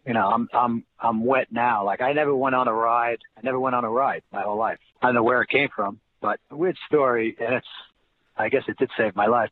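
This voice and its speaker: A former basketball player from New Jersey, appearing as an interview guest, tells stories casually in a mid-range voice. He rambles, repeats words, and acts out the people he quotes. The line is tinny and phone-like, with faint noise.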